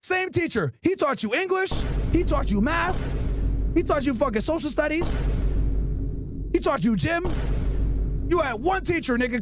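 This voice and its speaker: A man hosting a podcast, loudly and profanely roasting people with mocking, animated comedy. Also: extremely high pitch. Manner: loud, mocking, animated, swears constantly. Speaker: podcast host.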